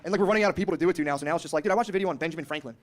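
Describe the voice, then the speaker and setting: On a club stage, a man in his thirties performs a stand-up set with a rapid-fire delivery and a voice on the high side. He's brash and profane, riffing with the crowd and acting out characters.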